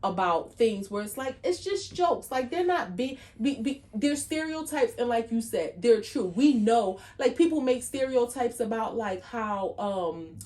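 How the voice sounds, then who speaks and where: A woman cohosting a casual podcast conversation, her voice sitting a little high. She talks in animated bursts and leans on "like" as filler. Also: a little slow, few pauses. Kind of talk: casual chat.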